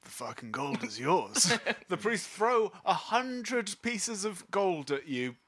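A man runs a tabletop game as its narrator. His voice sits slightly high with a bright, crisp tone, and he tells the action with lively amusement. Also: slow pace. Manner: lively narration, laughing often. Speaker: game master.

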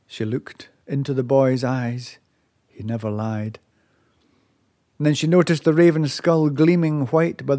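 A man telling a folk tale aloud, measured and expressive, dropping softly and rising with excitement. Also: medium pitch. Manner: measured, with lively rises and soft hushed drops. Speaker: storyteller. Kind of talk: oral folk-tale storytelling.

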